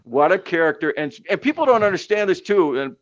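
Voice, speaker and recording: A man's voice: sits high, fairly quick. Middle-aged guy telling sports stories, lots of uhs and you knows, dull lo-fi sound. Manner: animated storyteller with many fillers. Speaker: sportscaster and podcast guest. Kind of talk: casual storytelling chat.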